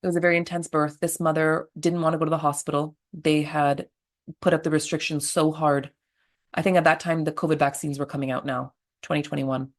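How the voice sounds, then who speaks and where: A low-pitched middle-aged woman with a gravelly edge tells candid stories as a podcast guest. She is blunt and lively and swears without pausing. She talks as a birth attendant recounting what she has lived through. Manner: blunt and animated, swears freely. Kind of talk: candid storytelling interview.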